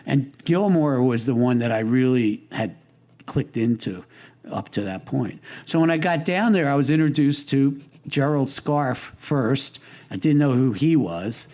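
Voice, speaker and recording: Lively in intonation but a little slow, an older man with a mellow, medium-pitched voice is being interviewed. He tells long, amused, wandering stories in a casual conversation, repeatedly beginning his sentences again.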